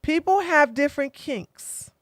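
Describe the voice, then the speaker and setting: A woman giving blunt, opinionated commentary as an online streamer, animated and fond of mocking impressions. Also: high voice, unhurried, no room sound, studio quality.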